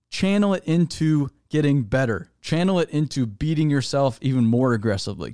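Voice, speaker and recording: A man's voice: mid-range voice, darkish tone, no room sound, clean studio sound. A man hosting his own solo podcast, talking in a fired-up, emphatic way, swearing and repeating words for stress. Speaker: podcast host.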